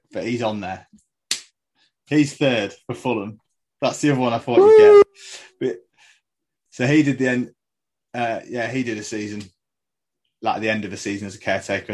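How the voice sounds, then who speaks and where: A man's voice: medium pitch, darkish tone, rough recording. A man co-hosting a casual football podcast, setting trivia questions with frequent laughs. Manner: quizzing with trivia, laughing often. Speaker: podcast co-host.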